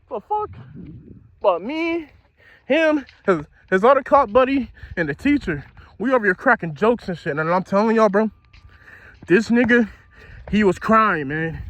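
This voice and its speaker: Young guy, high voice, telling a wild school story, super slangy, cussing a lot, dry sound outside. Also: unhurried, pauses often, dry recording. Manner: animated, slangy, profane storytelling. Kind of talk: casual storytime monologue.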